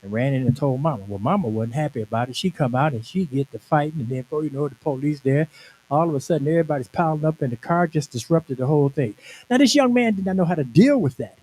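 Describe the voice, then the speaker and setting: A man's voice: a little high, lively intonation, quick pace, a little mellow, rough recording. A man in his sixties, a minister, telling a personal testimony at a conference in a conversational, emphatic storytelling way. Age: 60s. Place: conference venue.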